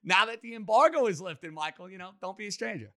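A man's voice: high-pitched, quick pace. A man hosting a sports talk show, chatting casually and emphatically about games and guests. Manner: emphatic, energetic.

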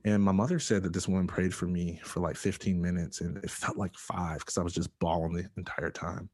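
A young man giving a personal testimony in an interview, earnest and halting, with many fillers and pauses. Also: low voice, steady tone, a little mellow, breathy edge. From Michigan. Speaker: interview guest.

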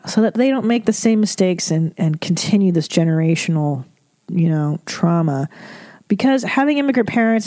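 A woman's voice: lowish voice, warm tone, no echo. Blunt, profane woman comedian giving advice. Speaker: podcast host. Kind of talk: advice podcast, reading listener emails.

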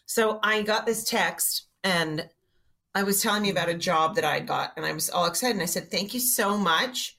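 A middle-aged woman with a bright, forceful voice tells self-mocking stories in a relaxed podcast chat. She talks like a comedian spinning an anecdote, easy and conversational. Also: lowish voice, normal speed, vocal fry.

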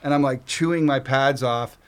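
Middle-aged man, from Canada, podcast guest, swearing storyteller, mid-pitched voice. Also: normal speed, clear, resonant tone. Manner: swears freely, acts out quoted voices. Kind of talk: casual storytelling.

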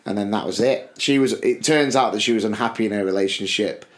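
Talking fast in a lowish voice, this British co-host spins a lengthy personal story during a casual podcast chat, often laughing along the way. He speaks British English.

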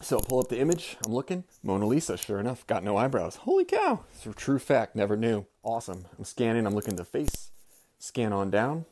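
A man's voice: fairly low pitch, animated, a little fast, a little mellow, a little hiss or hum. A man in his thirties, a former teacher, telling a story casually and animatedly, swearing and acting out the people he quotes.

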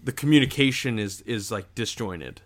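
A man's voice: on the low side, expressive, normal speed. A man co-hosting a podcast in casual chat, blunt and argumentative, laughing at his own jokes. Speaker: podcast co-host.

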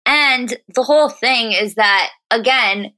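A woman's voice: fairly high pitch, slow, bright, forceful tone. A woman co-hosting a casual recap podcast, blunt and emphatic, swearing freely. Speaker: podcast co-host.

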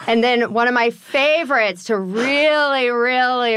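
Woman, voice coach, instructive, smooth resonant voice, dry close sound. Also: fairly high pitch, normal speed, hardly any pauses, a bit bright, dry recording. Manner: instructive, counts aloud and demonstrates breathing. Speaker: voice coach guest. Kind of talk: casual voice-training chat.

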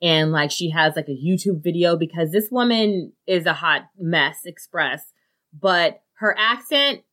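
A woman's voice: lowish voice, unhurried, a bit bright. A woman co-hosting a podcast, telling a story in loose casual chat, full of "like" fillers and swearing. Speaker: podcast co-host.

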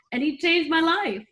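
A woman's voice: sits high, background noise. Earnest woman telling her story. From United States. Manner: emotional, earnest, quick to laugh. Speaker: guest. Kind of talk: candid interview storytelling.

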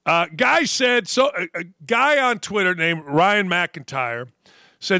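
A man hosting a sports talk show, ranting with sarcasm and animated swings. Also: high-pitched, slow, dry recording, clean studio sound.

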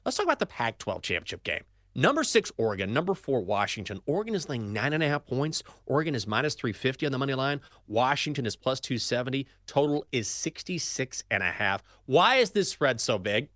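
A man's voice: mid-range voice, sing-song, brisk, hardly any pauses, a bit bright, no echo, clean studio sound. A man in his forties, co-host of a sports betting podcast, telling a story in a casual, laughing way.

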